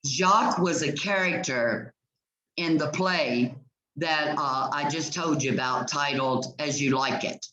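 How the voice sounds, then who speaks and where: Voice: medium pitch, fairly bright tone, reverberant, poor audio. A teacher giving a classroom lecture, reading definitions from a textbook and checking in with the class with frequent "okay"s.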